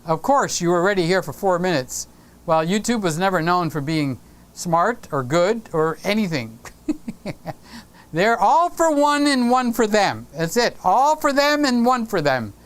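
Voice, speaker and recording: Man, live-stream host, lively swooping pitch, teasing, chatty, home studio. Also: measured pace, smooth. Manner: playful, teasing, greeting viewers by name. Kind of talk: casual live-stream chat.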